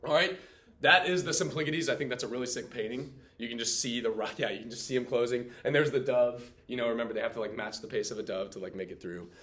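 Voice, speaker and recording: A man in his late twenties teaching a class in a casual, animated way, full of fillers. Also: medium pitch, fast talker. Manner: animated, chatty, heavy on filler "like". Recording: roomy classroom echo.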